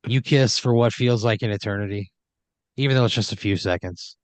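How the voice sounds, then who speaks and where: A man's voice: lowish voice, a little fast, no room sound. A man narrating an improvised comedy scenario in a loose, rambling way. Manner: rambling, loose narration with fillers, puts on voices for characters. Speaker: host.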